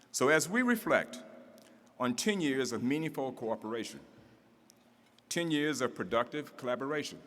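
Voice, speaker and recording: A man's voice: mid-range voice, a bit bright. A man acting as master of ceremonies at a civic event, reading formal introductions and building to a rousing, rhythmic oratorical finish. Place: large event hall with audience. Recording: reverberant hall, faint room ambience.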